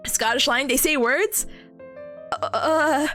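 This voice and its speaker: A bubbly, giggly American woman hosts a casual livestream chat with her viewers. Her voice sits high and swoops up and down a lot, with soft music playing faintly underneath. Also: lively intonation, extremely slow, pauses often. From United States.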